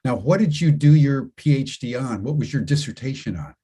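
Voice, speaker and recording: A man interviews a guest, building his questions slowly and repeating words as he finds them. His voice sits at an ordinary middle pitch with a slightly husky edge. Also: animated, dark tone. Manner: hesitant, repeats words while forming questions. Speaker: host.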